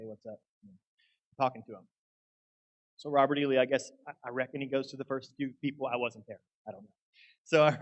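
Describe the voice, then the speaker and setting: A man's voice: mid-range voice, a bit bright, rough recording. A young man preaching a sermon, folksy and earnest as he tells a story. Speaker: guest preacher.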